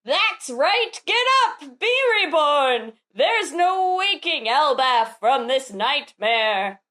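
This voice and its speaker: Lady doing a cackling demon guy, loud and gloating. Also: sing-song, slow pace, full character voice. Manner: cackling, booming. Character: gloating demonic male villain.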